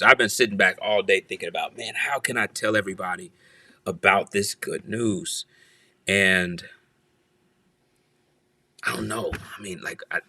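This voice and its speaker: A man with a low, sharp-toned voice and no echo hosts a church livestream from his office. He greets viewers one by one, playfully teasing them and repeating phrases.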